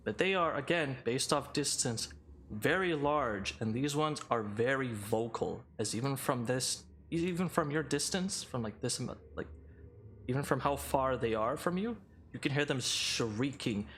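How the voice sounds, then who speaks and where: A man narrating a tabletop game as game master, unhurried, with many fillers and restarts. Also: medium pitch, expressive, fairly bright tone, slight background noise.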